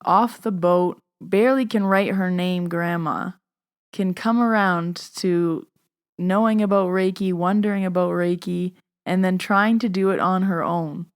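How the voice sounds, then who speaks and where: Woman host, casual chatty storyteller, animated delivery. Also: lowish voice, measured pace, clear, resonant tone. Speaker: podcast host.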